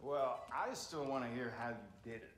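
An actor playing a boastful, gruff dwarf smith, bantering in game dialogue. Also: male voice, medium pitch, expressive, moderate pace, fairly bright tone, faint music behind, natural voice. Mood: teasing. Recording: roomy game audio.

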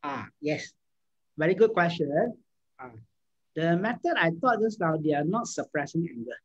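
A man's voice: fairly high pitch, expressive, normal speed, a bit bright, breathy edge. A man giving an informal lecture and answering questions, hesitating often with fillers and restarts. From Malaysia. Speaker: speaker answering audience questions. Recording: dull, lo-fi sound.

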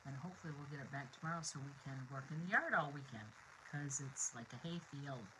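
A woman's voice: very deep voice, fast talker, noisy background. A middle-aged woman hosting a card-making live stream from her home craft room, chatting with viewers in a bubbly, rambling way with many fillers.

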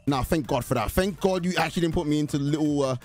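A young man giving excited live commentary on a horror game he is playing, chatting to his teammates and the killer. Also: fairly high pitch, fast, faint music behind. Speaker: gaming YouTuber.

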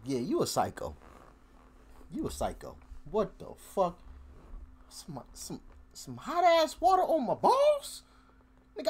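Animated, laughing man reacting to music. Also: a little slow, long pauses. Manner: animated, profane, laughs often, swings from loud outbursts to low mutters. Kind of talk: casual reaction commentary.

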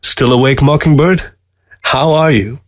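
Man as a tired old man, quiet, close to his own voice, dry read. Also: medium pitch, a little slow, no echo, voice pushed up, natural voice. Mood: subdued.

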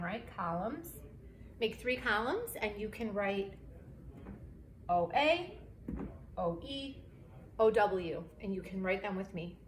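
Slow, clear woman teaching young kids. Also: mid-range voice. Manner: slow, clear, encouraging, spells words letter by letter. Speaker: second grade teacher. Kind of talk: remote phonics lesson for children. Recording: echoey room, faint background hiss.

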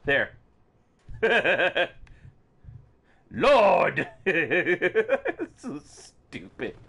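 Slow goofy guy riffing over a game, laughs a lot, voice swoops up and down. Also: fairly high pitch, animated, fairly bright tone. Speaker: gaming video host. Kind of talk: casual game commentary.

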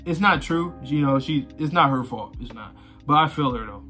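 A man's voice: medium pitch, animated, normal speed, bright, forceful tone, faint music behind. A man casually talking through his reaction to a manga, rambling and conversational, swearing freely and filling gaps with "you know" and "like.". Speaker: manga reaction channel host.

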